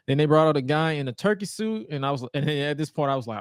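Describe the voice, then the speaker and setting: Animated, profane man recapping wrestling. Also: on the high side, moderate pace, no room sound, studio quality. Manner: animated, profane recapping with mock-incredulous outbursts. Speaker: podcast co-host. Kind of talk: casual chat.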